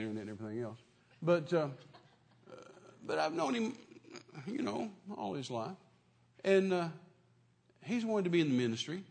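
An older male preacher delivers a sermon with a gravelly, fry-laden voice that sits a bit high. He talks in a folksy, homespun way, repeating phrases and restarting lines for emphasis.

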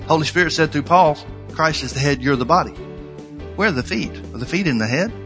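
A man's voice: on the high side, animated, fairly quick, fairly bright tone, soft background music. A man preaching a sermon, telling a personal story in an earnest, emphatic way. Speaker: pastor.

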